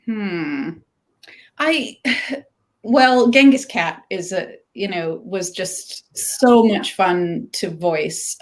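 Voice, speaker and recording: A woman author chatting on a video call, laughing often and talking with many fillers and restarts. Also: mid-range voice. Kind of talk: casual conversation on a livestream.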